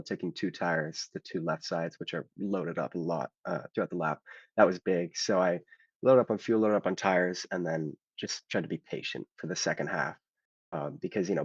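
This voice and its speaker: A man's voice: low voice, gravelly, husky, dry recording, muffled recording. A man who drove the race, explaining his strategy in a hesitant way, with many ums and likes. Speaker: race driver being interviewed. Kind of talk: casual interview answers.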